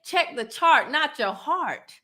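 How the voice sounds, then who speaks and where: A woman hosting a casual livestream chat, animated and laughing, reading viewer comments aloud. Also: sits high, takes it slowly, a little hiss or hum. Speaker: livestream host.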